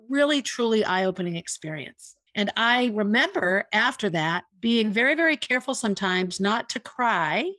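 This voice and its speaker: A woman's voice: medium pitch, fairly bright tone, no echo. A woman in her fifties hosting a podcast, telling a personal story in an earnest, reflective way and repeating words for emphasis. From United States. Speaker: podcast host.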